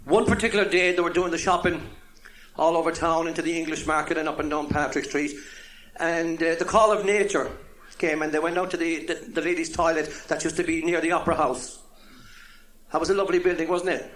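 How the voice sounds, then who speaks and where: A man's voice: a little high, fairly even intonation, brisk, a bit bright. A man telling jokes live as a chatty, chuckling storyteller. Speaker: comedian.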